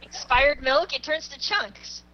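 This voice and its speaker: A woman in a casual group chat, animated and giggly as she tells a story. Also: sits high, slow pace, lo-fi sound, slight background noise.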